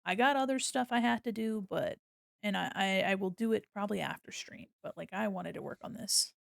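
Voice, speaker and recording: A woman's voice: medium pitch, fairly quick, vocal fry, no room sound, studio quality. A woman streaming her drawing session, chatting casually and giggling while she explains each step. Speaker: art streamer. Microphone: desk microphone.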